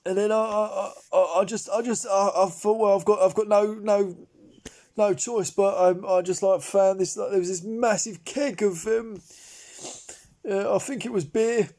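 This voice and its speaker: A man's voice: sits high, fairly even intonation, unhurried, dark tone. A man playing rambling bumbling bloke. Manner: rambling, hesitant, full of restarts and fillers. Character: bumbling male amateur chef Derek, rambling storyteller. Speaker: comedy character monologue. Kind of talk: improvised character monologue.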